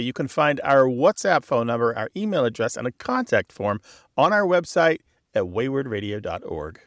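A man co-hosting a radio show about language, presenting and chatting in an even, friendly way. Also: mid-range voice, dry recording, studio quality. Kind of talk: casual radio chat. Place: radio studio.

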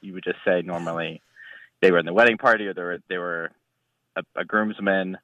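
A man's voice: low voice, steady tone, a little fast, pushed and bright, no echo, far from the mic. A man from Ohio calling a radio show, chattily telling a story about a phrase he heard. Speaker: caller. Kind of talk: phone-in storytelling. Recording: dull phone-line sound.

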